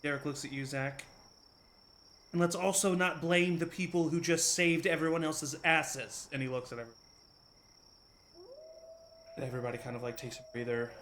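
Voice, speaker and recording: A man running a tabletop game as game master, narrating the scene in a lively, easygoing way. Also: on the high side, moderate pace, long pauses, a little hiss or hum.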